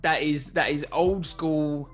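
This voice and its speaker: A man's voice: fairly high pitch, fairly even intonation, slow, faint music behind. A man from England hosting a casual golf shoe review, chatty and jokey, often correcting himself mid-sentence. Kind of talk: casual chat.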